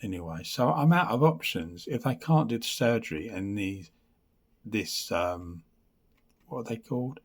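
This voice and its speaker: A man's voice: on the low side, animated, a little slow. An English man giving a rambling health update on his vlog, reading from notes and often losing his place, with blunt, dry humour. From England. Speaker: vlogger.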